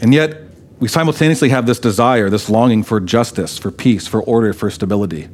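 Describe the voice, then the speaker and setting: A man's voice: mid-range voice, fairly quick, darkish tone. Male pastor, sermon delivery, conversational, moves between reading the text and explaining it. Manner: reads scripture aloud, then explains it conversationally.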